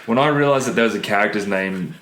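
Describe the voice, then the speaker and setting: Deep, hoarse podcast co-host. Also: male voice, fast, fairly bright tone, roomy sound. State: hoarse from illness. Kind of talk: casual chat.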